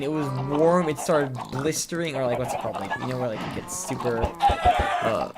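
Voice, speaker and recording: A man's voice: medium pitch, expressive, moderate pace. A man streaming, telling a long rambling story while he plays, full of "like" fillers and restarts. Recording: noisy home stream mic with clicks.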